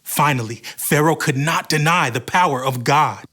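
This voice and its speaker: A man narrating a scripted Bible story for children in an expressive way. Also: on the high side, moderate pace.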